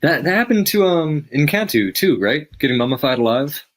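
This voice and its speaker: A man's voice: fairly high pitch, sing-song, fairly quick. A man guesting on a podcast, making dry, wry remarks about comics. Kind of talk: casual comic review chat.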